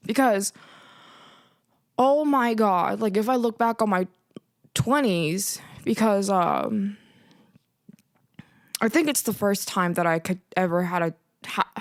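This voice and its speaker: A woman's voice: mid-range voice, no room sound. A thirty-year-old woman hosting her own podcast, rambling emotionally and close to tears, swearing and filling gaps with "um" and "like". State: teary, close to crying. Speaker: podcast host. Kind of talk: casual solo podcast chat.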